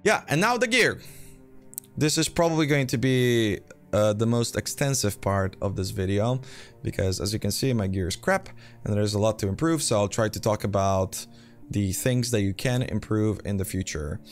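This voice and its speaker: Man, low voice, casual game guide talk, self-deprecating, soft background music. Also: normal speed. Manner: rambling, self-deprecating, filler-heavy. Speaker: game build guide host. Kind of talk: casual gameplay guide commentary.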